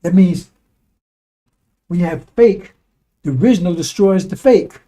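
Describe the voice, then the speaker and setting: Speaking slowly in a high-sitting voice with a dark tone, a man preaches in a conversational, informal way. This religious commentator drives his points home repetitively and emphatically, leaning on asides such as "see?" and "right?"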